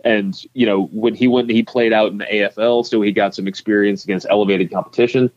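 Casual male podcast co-host, lowish voice, rambling delivery, muffled lo-fi sound. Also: steady tone, fast talker, a little mellow. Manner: rambling, many restarts and fillers. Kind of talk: casual sports chat.

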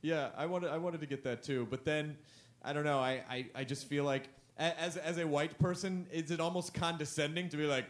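A man's voice: fairly high pitch, fairly even intonation, a little fast. A man interviewing a comedian in a playful, joking way, laughing often. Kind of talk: casual chat. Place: festival interview.

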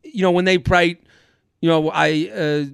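High gravelly man telling stories. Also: fairly even intonation, measured pace, no echo, clean studio sound. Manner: rambling storyteller with restarts. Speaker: podcast host. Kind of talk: casual podcast chat.

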